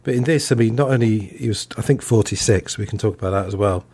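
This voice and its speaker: A man's voice: fairly low pitch, fast talker, darkish tone, breathy edge, no echo. A man hosting a podcast in a casual review chat, talking loosely and hedging often. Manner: chatty and loose, hedges often. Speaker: podcast host.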